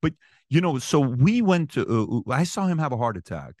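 A man in his forties, an interview guest telling personal stories with animated energy, his voice rising sharply when he relives arguments. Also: medium pitch, a little fast, dry recording, clean studio sound. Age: 40s. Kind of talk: storytelling in conversation.

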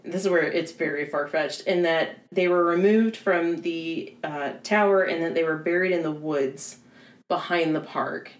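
A woman's voice: low voice, a little slow, reverberant. A woman with a Southern accent co-hosting a podcast in casual chat, chatty and laughing often, with plenty of fillers. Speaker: podcast co-host.

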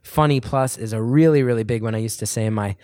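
A man's voice: medium pitch, fast, a little mellow, no room sound, studio quality. A man reading earnestly from his own book at a live event, then answering audience questions in a rambling way, his voice cracking a little. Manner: earnest, rambling, with restarts when speaking off the cuff.

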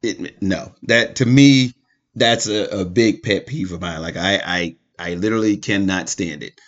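A man in his forties chatting casually as co-host, telling animated stories and acting out other people's voices, laughing often. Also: low voice, a little slow. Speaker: podcast co-host. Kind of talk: casual chat. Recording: slightly dull lo-fi sound.

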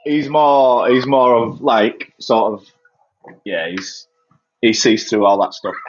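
A man's voice: mid-range voice, steady tone, takes it slowly, crowd noise. A man chatting as a podcast guest, rambling and laughing easily as he tells stories. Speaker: podcast guest, former cricketer. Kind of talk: casual chat. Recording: dull lo-fi call audio.

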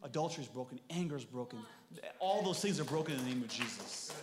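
A man preaching a sermon, animated, swinging from loud emphasis to soft asides, with jokes for the congregation. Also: medium pitch, quick pace, noisy background. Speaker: pastor.

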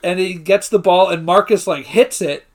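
A podcast co-host with a high-sitting voice walks through a movie's plot play by play in a casual recap chat, swearing loosely and laughing frequently. His intonation is fairly even and his pace moderate.

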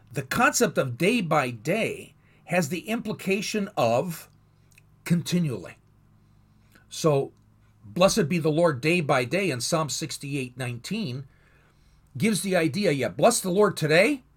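A man teaching a Bible lesson in a thoughtful, explanatory way, pausing and restarting as he goes. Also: fairly high pitch, breathy edge.

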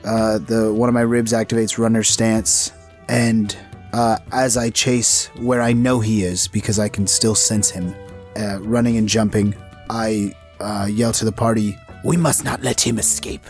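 A man playing a tabletop game, describing his character's actions in slow, measured speech. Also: on the low side, flat delivery, darkish tone, faint music behind. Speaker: player.

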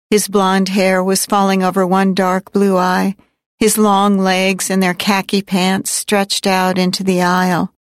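Woman, audiobook narration, first person, measured and wry, slow, dry close sound. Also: mid-range voice, monotone, no room sound.

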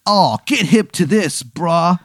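Guy doing a high breezy surfer god dude, smug little laugh, dry close sound. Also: expressive, slow, a bit bright, dry recording, exaggerated voice. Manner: drawling surfer slang, short self-pleased laugh. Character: laid-back male surfer god, smug and grinning.

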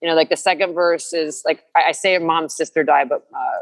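A woman's voice: deep voice, brisk, poor audio. A woman from New Jersey, a musician guest, talking earnestly in an interview with many fillers and restarts. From New Jersey, USA. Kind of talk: candid interview conversation.

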